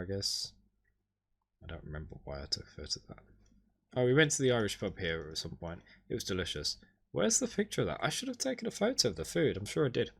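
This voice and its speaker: A man streaming, casually recapping a holiday over his photos in a rambling, wry way, with sudden excited jumps in pitch.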